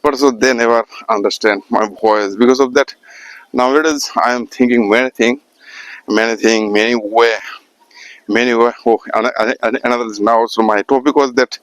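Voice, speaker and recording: A man from Assam, an artist and art teacher who talks to the camera in halting English, with many pauses. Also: mid-range voice, steady tone, fairly bright tone, no echo, poor audio. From Assam, India. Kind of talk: casual spoken talk to camera.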